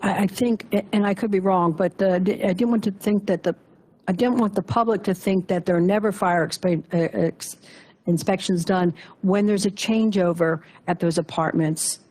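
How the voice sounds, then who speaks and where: A woman's voice: mid-range voice, normal speed, a little mellow. A woman council member who asks questions hesitantly and carefully at a borough meeting.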